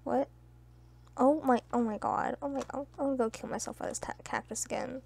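This young female gamer speaks a little quickly in a fairly high, creaky voice with a steady tone. Playing a video game with friends, she chats casually, teasing them and trash-talking between bursts of loud laughter.

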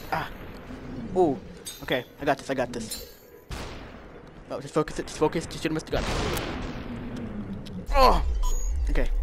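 A young man giving casual let's-play commentary while playing a VR game, reacting with loud exclamations. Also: on the high side. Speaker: gamer playing VR with a friend. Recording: noisy with game gunfire behind.

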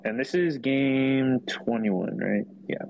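A young man giving tactics to his team over casual voice chat, talking in halting bursts with many fillers and restarts. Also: mid-range voice, creaky, dull audio. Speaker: squadron leader and streamer.

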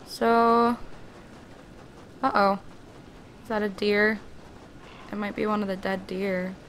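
A woman playing a video game and commenting casually, excitable and swearing freely as she chats to the characters on screen. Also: mid-range voice, slow pace, a little hiss or hum. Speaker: let's play gamer.

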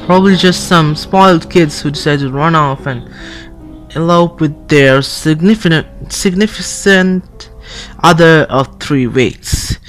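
A man reading game text aloud for a playthrough, halting and restarting words as he goes. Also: fairly high pitch, a bit bright, faint music behind. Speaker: let's-play gamer.

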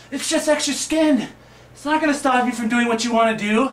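A man talking casually to the camera in a vlog, animated and playful as he hypes himself up for his viewers. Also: extremely high pitch, brisk, slight background noise. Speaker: vlogger. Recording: echoey room, camera at a distance.

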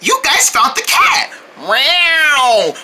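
A woman telling a children's cartoon story, playful and excitable, calling out to the young viewers. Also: on the high side, moderate pace, background noise. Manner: playful and excitable, calls out to the audience. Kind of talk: animated voice acting for kids, talking to the viewers.

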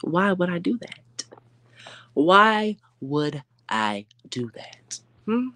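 A confrontational commentary host on a live rant, swearing freely and hammering rhetorical questions. The slangy talk stretches out its taunts, and the voice sits at a middling pitch with a close, dry sound. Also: dry recording.

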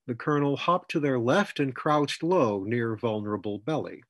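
Male storyteller, husky mid-pitched voice, dry close recording. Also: fairly bright tone, dry recording. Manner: measured storytelling. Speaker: author reading his story. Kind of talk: scripted narration.

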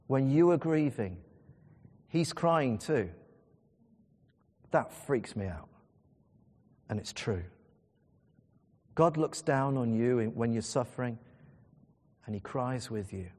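A man preaches a sermon, telling the story in a conversational, emphatic way. His voice sits at an ordinary middle pitch. The room gives it a long church reverb. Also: lively intonation, takes it slowly, long pauses, a little mellow.

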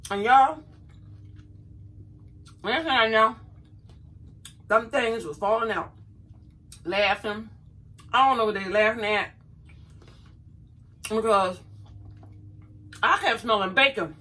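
A woman's voice: a little high, slow pace, long pauses, poor audio. A middle-aged woman, chatting to her viewers as she tells a funny story from her younger days. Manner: animated, chatty, addresses viewers as y'all. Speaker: vlogger. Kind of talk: casual storytelling to camera.

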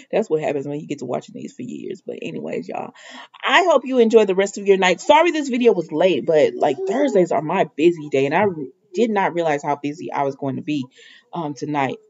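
A woman's voice: low-pitched, very animated, moderate pace, a little mellow, breathy edge. A woman chatting casually through a soap opera recap vlog, rambling and filling her talk with "you know" and "y'all". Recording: dull lo-fi recording.

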